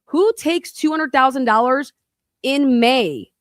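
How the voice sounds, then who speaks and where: A woman's voice: sits high, expressive, slow pace, no room sound, studio quality. A woman podcast host delivering a heated, profane rant in an angry monologue.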